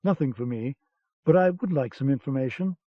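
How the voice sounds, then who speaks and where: A man reading an audiobook, voicing a measured, superior young British intelligence captain in a dull old recording. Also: medium pitch, dry recording, close to an everyday voice. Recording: dull cassette-era audiobook sound.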